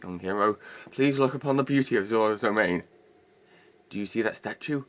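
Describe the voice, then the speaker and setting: A man voicing a huge, regal old male fish king who is warm-hearted, in formal, old-fashioned speech, as an amateur game voice-over. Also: on the low side, a little fast, close to an everyday voice. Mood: dismayed.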